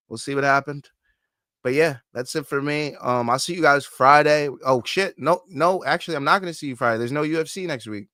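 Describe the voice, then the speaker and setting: A man's voice: medium pitch, sharp tone, dry recording, studio quality. A man hosting a casual livestream, reading chat comments aloud, swearing freely and laughing often. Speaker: host.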